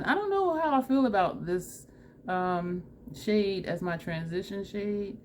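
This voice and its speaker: A woman vlogger chatting excitedly and laughing often as she talks viewers through a makeup tutorial. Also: mid-range voice, a little slow, slight background noise. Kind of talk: casual makeup tutorial chat.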